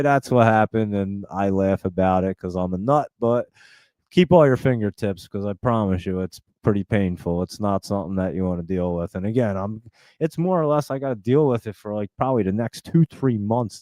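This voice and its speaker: A man's voice: fairly low pitch, moderate pace, mellow, no room sound. A man hosting a live stock trading stream, chatting in a loose, rambling way with casual swearing and plenty of fillers.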